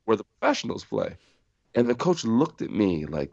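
A middle-aged man from New Jersey, a podcast guest telling stories in a lively way, acting out the people he quotes. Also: fairly low pitch, moderate pace, vocal fry, no echo. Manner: animated storyteller acting out quoted voices, laughing often. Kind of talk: storytelling in a podcast interview. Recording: dry muffled sound.

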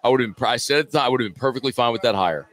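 A man's voice: mid-range voice, rapid-fire, a bit bright. A man hosting a sports radio show, talking in a blunt, profane, dismissive way. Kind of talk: casual sports talk. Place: radio studio. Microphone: studio microphone.

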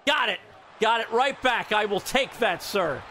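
A man giving loud, swearing commentary while playing a football video game, reacting to every play. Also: high voice, unhurried, slight background noise. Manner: excitable, yells and swears at the game. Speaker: gamer streamer. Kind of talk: live gameplay commentary.

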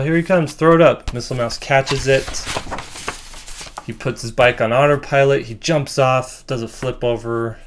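A man who is a comic artist, casually walking through comic pages in a relaxed, rambling, self-critical way with frequent ums. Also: fairly low pitch, creaky, a little hiss or hum. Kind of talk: casual page-by-page walkthrough.

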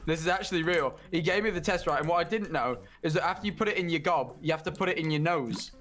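A man's voice: on the high side, fast talker. A young man playing a game with a friend, telling jokey stories. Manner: playful, telling stories in an exaggerated local accent. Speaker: co-player. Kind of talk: casual gaming chat. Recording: stream with game music underneath.

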